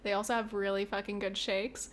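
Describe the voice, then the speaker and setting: A woman's voice: medium pitch, little pitch movement, brisk. A woman hosting a podcast in casual chat, swearing often, laughing, and acting out little scenes with sound effects. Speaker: podcast host.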